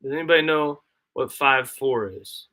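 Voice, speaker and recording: A man hosts a casual live stream from home, rambling along and reading out comments from his chat as he goes. His voice is bright and forward at an ordinary, mid pitch. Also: normal speed. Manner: rambling, chatty, reads and answers chat aloud. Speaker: livestream host. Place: home, homestead.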